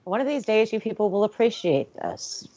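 A woman's voice: medium pitch, very animated, moderate pace, warm tone, slightly rough. A woman co-hosting a casual movie commentary chat, exasperated, sarcastic and nerdy, on slightly dull lo-fi audio. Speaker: podcast co-host.

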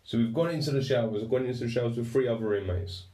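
A young man telling a story in a casual, animated and self-mocking way. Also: medium pitch, very fast. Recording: roomy and distant mic.

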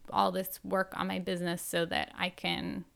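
A woman hosting a talk show, speaking in a candid, self-reflective personal monologue with a gentle, soothing manner. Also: on the low side, completely flat delivery, moderate pace, vocal fry.

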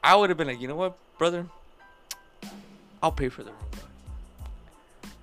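A man's voice: on the high side, a little slow, sharp tone, faint music behind. A man teasing his co-host in casual chat, crude and mocking. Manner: mocking, crude, needling banter. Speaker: podcast co-host.

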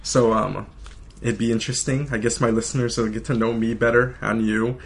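A man hosts a casual podcast from an office conference room, rambling and cracking self-deprecating jokes. His medium-pitched voice is brisk and creaky, with fairly even intonation.

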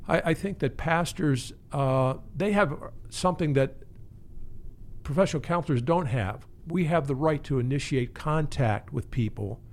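In a conversational interview, a man who pastors and teaches pastoral care reflects earnestly, frequently starting his phrases over. He talks at a moderate pace in a fairly high voice.

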